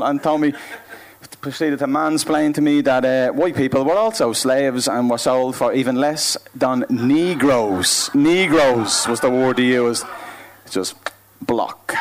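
A man with a Dublin accent performing spoken-word poetry live on a club stage, with a rhythmic, emphatic delivery that swings between loud and hushed. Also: mid-range voice. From Ireland. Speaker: performance poet.

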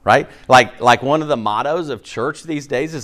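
A man preaching a sermon in a conversational, animated way, often checking in with "okay?" and "right?" and acting out little voices. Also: medium pitch, moderate pace. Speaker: pastor.

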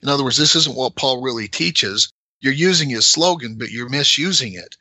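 A middle-aged man explaining scripture in a measured, conversational way, sometimes emphatic. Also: mid-range voice, expressive, sharp tone, dry recording, poor audio.

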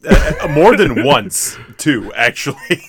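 A man co-hosting a podcast, chatting casually and relaxed about movies with quick asides. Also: a little high, husky. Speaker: podcast co-host.

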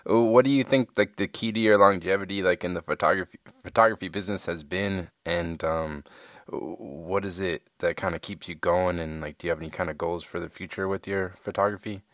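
Deep-voiced man asking casual questions. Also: fairly even intonation, fairly quick, fairly bright tone, dry recording, studio quality. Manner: loose, hesitant questioning with fillers. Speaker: podcast host.

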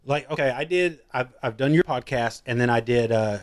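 A man's voice: medium pitch, normal speed, dry recording. Laid-back, swearing man. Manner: laid-back, swears freely, rambling with restarts. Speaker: podcast guest. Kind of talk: casual chat.

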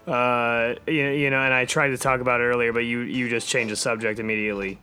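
A male podcast co-host with a forceful, bright voice at a middle pitch. He explains himself defensively with some stumbles. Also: little pitch movement, brisk, soft background music. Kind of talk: comedy podcast banter.

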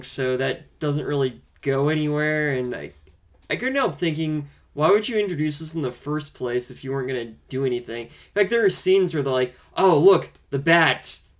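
A man co-hosting a casual movie review chat, rambling and hesitant with wry humor. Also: on the high side. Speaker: podcast co-host.

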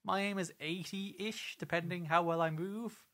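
A man's voice: high-pitched, fairly even intonation, measured pace, fairly bright tone. A man co-hosting a casual chat show, joking and laughing as he reads out news items. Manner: jokey, laughs often, reads news aloud. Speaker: podcast co-host.

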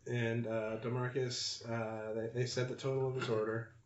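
A man's voice: mid-range voice, level tone, moderate pace. A man hosting an improvised comedy podcast, telling rambling stories full of fillers, recorded in a diner. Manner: rambling storytelling with many fillers. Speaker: podcast host. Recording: roomy, dull recording in a diner.

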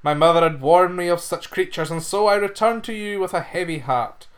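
A man's voice: sits high, brisk, voice pushed up, natural voice. A man doing a humble nervous young labourer. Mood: apologetic. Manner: apologetic, deferential.

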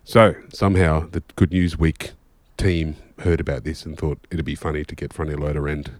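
A man's voice: a bass voice, level tone, moderate pace, a little mellow, no echo. A man, a musician, telling rambling anecdotes in casual chat and swearing freely. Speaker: musician guest.

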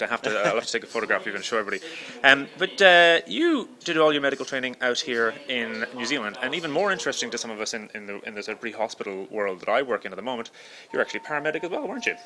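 A man hosting an interview, talking rapidly and enthusiastically with rambling asides. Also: medium pitch, bright, forceful tone. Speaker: podcast host, doctor. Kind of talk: conversational interview.

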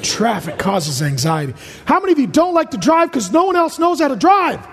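Very high-voiced pastor, reverberant hall. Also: male voice, sing-song, a little hiss or hum. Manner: rapid-fire jokey delivery, punchy short lists. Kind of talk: humorous sermon.

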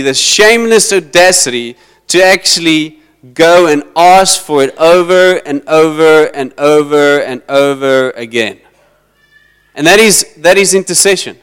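A man's voice: fairly high pitch, clean tone. A man preaching a sermon in a church hall, acting out dialogue as he goes. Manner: animated, acts out dialogue, switches between English and Afrikaans. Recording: long reverb of a hall.

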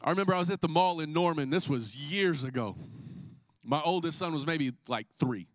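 Man, pastor, sermon, lively storyteller, fairly high voice, dry close mic. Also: brisk, no room sound. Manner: animated storytelling, acts out scenes. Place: church.

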